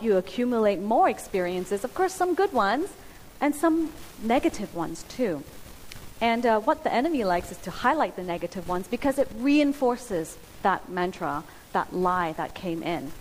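A woman giving a sermon, speaking earnestly with pauses and restarts. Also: medium pitch, a little mellow. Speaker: preacher. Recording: hissy hall with long reverb.

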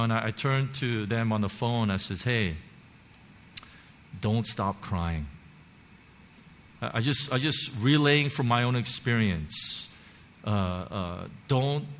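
Pastor preaching in an echoing hall. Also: male voice, medium pitch, fairly bright tone. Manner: earnest, repetitive with many fillers and restarts. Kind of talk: sermon. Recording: long hall reverb, faint background noise.

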